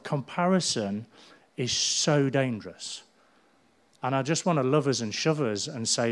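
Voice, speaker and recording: A middle-aged man, preaching a sermon as a pastor in a lively storytelling manner. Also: mid-range voice, a little slow. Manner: animated storytelling, acting out people's voices.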